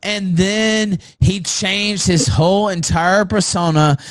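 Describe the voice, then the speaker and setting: A man's voice: high voice, steady tone, takes it slowly, no echo. A man arguing on a livestream, defensive and angry, swearing and repeating himself. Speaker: livestream guest. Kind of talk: heated argument on a livestream.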